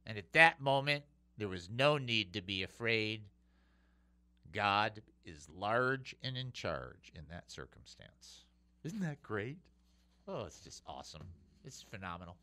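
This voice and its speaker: A man teaching the Bible on his radio show with emphatic, animated delivery. His pitch swings widely and his tone is bright. He drops to a hush and then surges back up. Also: normal speed. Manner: animated, emphatic, swings between loud and hushed. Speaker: radio show host and preacher.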